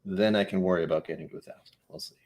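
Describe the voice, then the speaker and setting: A man's voice: low voice, fairly even intonation, rapid-fire, darkish tone. A man with a New England accent hosting a whiskey live stream, chatting, easily distracted and joking at his own expense. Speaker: whiskey channel host.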